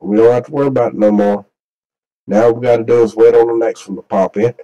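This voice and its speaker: A man's voice: medium pitch, level tone, fast talker, warm tone, muffled recording. A man, rambling folksily through a screen-share and repeating himself as he walks viewers through weather maps. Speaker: channel host. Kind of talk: casual screen-share commentary.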